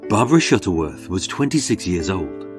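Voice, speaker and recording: A man's voice: sits low, big pitch swings, normal speed, faint music behind. A man, a podcast host, narrating a true-crime story in a solemn, dramatic scripted style.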